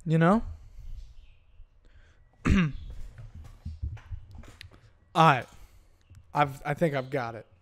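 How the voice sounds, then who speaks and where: A man's voice: a little high, expressive, extremely slow, long pauses. A young man hosting a solo podcast, ranting in a profane, rambling way and often breaking off mid-thought. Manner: profane, rambling, self-interrupting. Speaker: podcast host.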